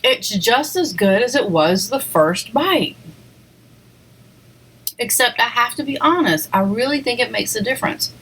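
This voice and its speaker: A woman's voice: a little high, animated, unhurried, fairly bright tone, slightly rough, rough recording. A woman vlogger chatting casually while she eats on camera, rambling between bites with little eating sounds. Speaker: mukbang vlogger. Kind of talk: casual eating vlog chat.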